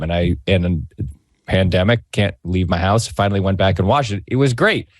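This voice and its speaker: A man's voice: sits low, quick pace, no echo, clean studio sound. A middle-aged man, a guest on a talk show, telling stories in a rambling, self-interrupting way. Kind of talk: casual chat, storytelling.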